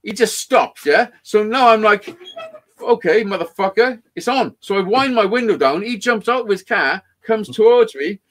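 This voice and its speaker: A man's voice: high voice, normal speed, hardly any pauses. A man telling a rambling, sweary story in casual chat. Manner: rambling, heavy swearing, animated. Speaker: podcast guest storyteller.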